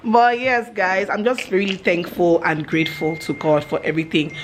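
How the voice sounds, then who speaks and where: A woman's voice: fairly low pitch, moderate pace, crowd noise. A woman in her thirties with a Nigerian accent, talking casually to camera in a home vlog and slipping into pidgin. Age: 30s. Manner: chatty, mixes in pidgin, turns loud and giddy when excited. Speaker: vlogger.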